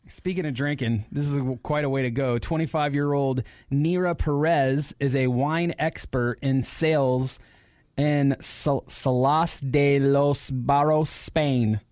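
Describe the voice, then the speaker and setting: A man co-hosting a radio show, joking through the news in casual banter and reading stories with deadpan asides. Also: medium pitch, takes it slowly, no echo, studio quality.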